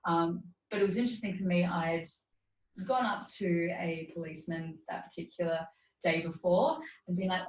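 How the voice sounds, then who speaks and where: Brief: woman interviewee, earnest and animated storyteller, heard from a distance on a muffled line. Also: fairly low pitch, normal speed, a little hiss or hum. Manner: earnest, animated retelling with quoted dialogue. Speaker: guest. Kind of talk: storytelling in conversation. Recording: dull roomy distant sound.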